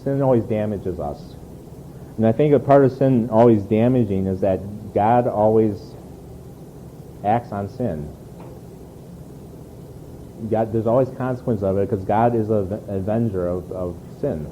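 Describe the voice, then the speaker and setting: A man's voice: on the low side, muffled recording, slight background noise. A man preaching a sermon in an earnest, conversational way, often repeating words as he restarts. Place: church.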